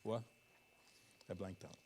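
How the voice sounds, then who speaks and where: Speaking slowly, a preacher in a church sanctuary tells the sermon's story with abrupt shifts from loud to hushed. He also directs questions at the congregation.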